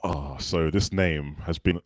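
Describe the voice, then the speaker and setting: Deep-voiced man with a Southern English accent. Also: unhurried, no room sound, clean studio sound. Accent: non-regional Southern English. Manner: relaxed storyteller who acts out other people's lines. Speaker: guest. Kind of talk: casual interview chat.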